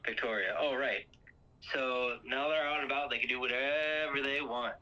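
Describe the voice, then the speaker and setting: A podcast host rambles through a casual movie recap, filling the gaps with um and uh. His mid-range voice is pushed and bright at a moderate pace, and the lo-fi recording sounds muffled.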